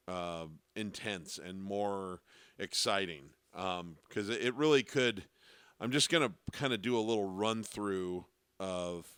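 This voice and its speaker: A man gives a casual piano lesson with sung demonstrations, explaining things in a relaxed way and counting beats aloud as he plays. His low, clean voice, recorded on a studio dynamic microphone with no room sound, sits over loud piano playing.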